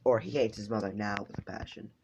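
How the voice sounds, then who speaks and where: A man's voice: fairly low pitch, fairly even intonation, fast talker, background noise. A man telling a story in a casual, improvised way. He rambles, swears and breaks off for asides.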